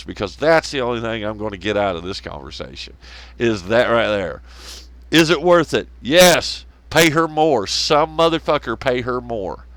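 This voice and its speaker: A man's voice: mid-range voice, fairly bright tone, no room sound. A man hosting a podcast, ranting casually and sarcastically, swearing constantly and laughing at his own jokes. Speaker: podcast host. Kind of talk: profane casual rant.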